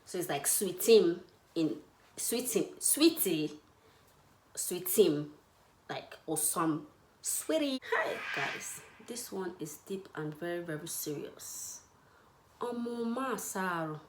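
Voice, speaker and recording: A woman's voice: fairly low pitch, lively intonation, a little hiss or hum. Young woman, playful casual teacher, laughs a lot, echoey room. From Nigeria, Igbo. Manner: playful, laughs often, repeats words slowly. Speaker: language teacher. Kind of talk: casual language lesson.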